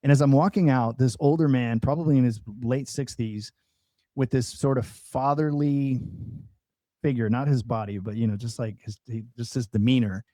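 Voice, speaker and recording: A man's voice: mid-range voice, steady tone, moderate pace, warm tone, dry recording. A man, a podcast guest, earnestly telling a personal testimony in conversation, with many restarts and fillers.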